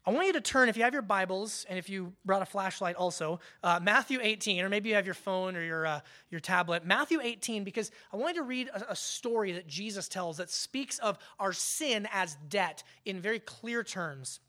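Man, pastor, sermon, conversational, emphatic swells, hushed drops, restarts phrases. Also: high-pitched, animated, normal speed, few pauses. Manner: repeats words as he restarts a phrase.

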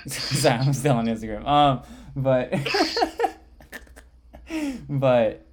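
A man's voice: mid-range voice, wildly swooping pitch, very slow. A young man hosting a podcast, chatting casually and telling rambling stories, swearing often and saying "like" a lot. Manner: rambling storyteller, swears often, heavy use of "like". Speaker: podcast host. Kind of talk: casual chat.

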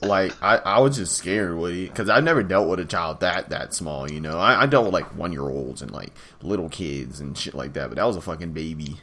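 Laid-back young man, low voice, casual chat. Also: expressive, a little fast, hardly any pauses, fairly bright tone. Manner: laid-back slangy storytelling, swears freely. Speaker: podcast co-host.

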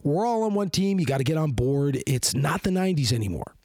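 A man's voice: on the high side, very animated, fairly quick, a little mellow, no room sound. A man hosting a podcast, delivering a heated, rambling opinion monologue full of fillers. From Canada. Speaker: podcast host.

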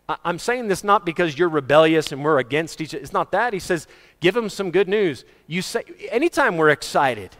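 A middle-aged man preaching a sermon, swinging between booming shouts and soft asides and chuckling often. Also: animated, moderate pace. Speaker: pastor. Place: church hall. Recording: reverberant church hall.

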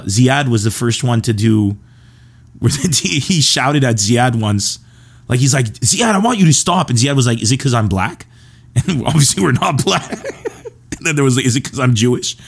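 A comedian from Lebanon telling rambling, animated stories about his school days. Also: on the low side. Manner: rambling and animated, with quick asides. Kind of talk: casual storytelling.

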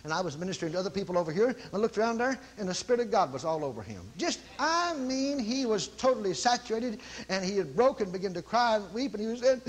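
Male preacher, middle-aged, high and animated, shouts repeated commands. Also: quick pace, hardly any pauses. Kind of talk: sermon storytelling.

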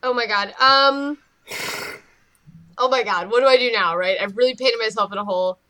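A woman joins a tabletop game as a player, her voice high and bright. She is playful and giggles often between her lines. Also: normal speed. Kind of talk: playing a tabletop game, casual chat.

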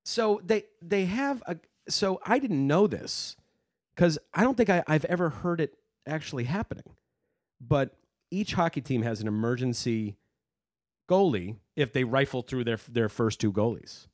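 A man's voice: on the high side, expressive, moderate pace, no room sound, clean studio sound. A man co-hosting a podcast in casual chat, rambling and hesitant, full of fillers. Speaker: podcast co-host.

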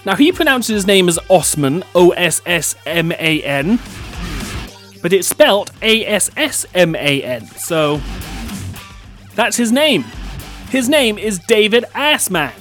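A man's voice: sits high, very animated, takes it slowly, pauses often, fairly bright tone, soft background music. A man hosting a comedy show, telling a story with self-mocking asides. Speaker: host. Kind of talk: comedic storytelling and news segment.

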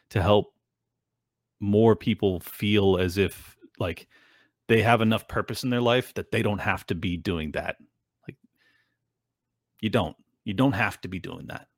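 In a clean, dry studio recording, a man with a lowish voice hosts his own show. He gives viewers a casual, rambling monologue, earnest and emotional, with many fillers.

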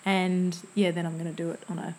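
A woman's voice: fairly low pitch, level tone, brisk, darkish tone. A woman in her forties co-hosting a podcast, chatting casually and reflectively, laughing easily. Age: 40s. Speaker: podcast co-host. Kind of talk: casual chat.

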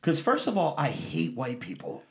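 A man's voice: mid-range voice, normal speed, noisy background. A man telling a crude story in a casual podcast chat, swearing constantly and acting out what people said. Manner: profane, animated, acts out quotes.

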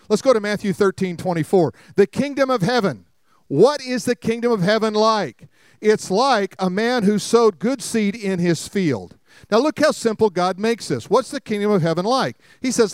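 Here the pastor's high-sitting voice is animated and moves at normal speed, recorded dry and clean as in a studio. His sermon mixes humorous personal anecdotes with plenty of rhetorical questions for the congregation.

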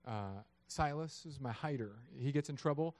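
A man in his thirties preaching a sermon, lively and acting out voices of God and people in his story. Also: mid-range voice, normal speed, no echo. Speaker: pastor.

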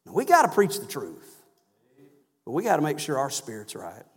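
A preacher with a high voice delivers a sermon in a church, and long reverb trails his words. He swings between loud, emphatic cries and low, soft asides. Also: huge pitch swings, moderate pace, husky. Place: church sanctuary.

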